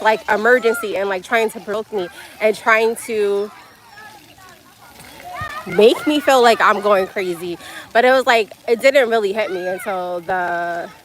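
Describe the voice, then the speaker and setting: A woman's voice: a little high, a bit bright, a little hiss or hum, rough recording. A woman livestreaming outdoors at a splash pad, telling a frank, emotional story, swearing freely and breaking off to talk to her child. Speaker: livestreamer mother.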